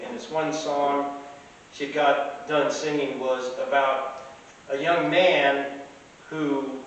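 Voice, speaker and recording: A man of middle pitch tells stories in an easy, rambling way, full of fillers and restarts. He sounds set back from the mic in a very echoey room. A faint hiss sits under his voice. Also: distant mic. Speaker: podcast host. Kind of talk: casual anecdotal storytelling.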